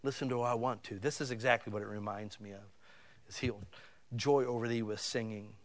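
A man's voice: fairly low pitch, steady tone, a little fast. A man preaching a sermon in a folksy, conversational way, talking directly to his listeners with emphatic swells. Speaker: pastor.

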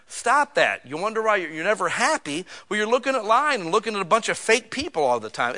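A male pastor preaching a sermon in a church, joking and casual, swinging from quiet asides to loud bursts. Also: high voice, sing-song, a little fast, few pauses.

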